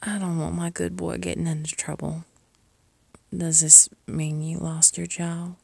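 A woman's voice: lowish voice, little pitch movement, measured pace, gravelly, warm tone, dry recording. A woman in an audio role-play, speaking as a caring mistress to the listener, by turns scolding and tender, often dropping to a whisper.

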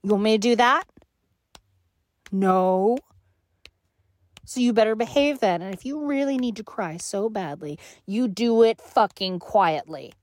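A woman voicing a cruel, contemptuous, domineering young woman in an audio role-play, with heavy sighs and hushed asides. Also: mid-range voice, expressive, a little slow, pauses often, dry recording, natural voice. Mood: menacing.

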